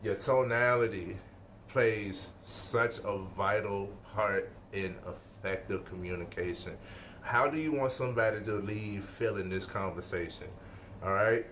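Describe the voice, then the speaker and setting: A man's voice: fairly low pitch, a little slow, fairly bright tone, a little hiss or hum. A man giving an informal motivational lesson, emphatic, repeating his points and checking in with the listener. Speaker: life-skills speaker.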